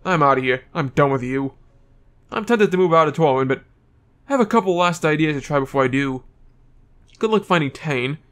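A man's voice: on the high side, lively intonation, a little fast, pauses often, fairly bright tone. A man reading game lines as a bitter, dismissive male villain scientist. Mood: scornful. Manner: dismissive, curt.

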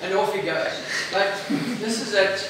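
A man tells a long joke to a group, lively and chuckling as he goes. His voice sits high and sounds far from the mic. The room echoes heavily, with steady noise behind. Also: measured pace. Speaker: joke teller.

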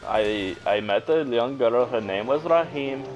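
A man's voice: mid-range voice, animated, a little slow, music in the background, voice pushed up, lightly acted, rough recording. A man putting on a stilted storyteller voice to tell a mock tale of his boyhood. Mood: mock-solemn. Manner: formal, stilted phrasing.

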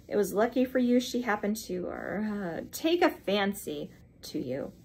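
A woman reading aloud and voicing a distinguished male lawyer who talks gravely and dryly, in a measured, questioning manner. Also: medium pitch, sing-song, a little mellow, full character voice.

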